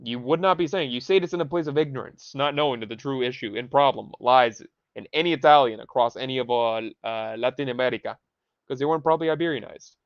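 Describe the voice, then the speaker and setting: A man's voice: mid-range voice, quick pace, no echo. Young male streamer, profane heated rant mixed with Spanish words, dry muffled home mic. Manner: mixes in Spanish phrases. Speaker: livestream host. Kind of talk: ranting livestream commentary.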